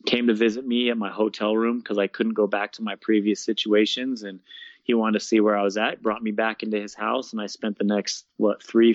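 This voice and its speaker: A young man, a guest, casually telling his story in an interview, animated and laughing often, peppering his talk with "man" and "bro.". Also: lowish voice, no room sound. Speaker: guest, fitness coach and speaker. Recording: dull, dry lo-fi sound.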